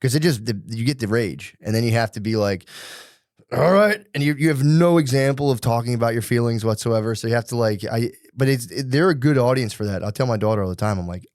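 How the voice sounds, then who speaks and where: A man's voice: mid-range voice, fast talker, hardly any pauses, darkish tone, no room sound, clean studio sound. A man co-hosting a podcast, telling stories in loose, profane casual chat and acting out his own inner voice. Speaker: podcast co-host.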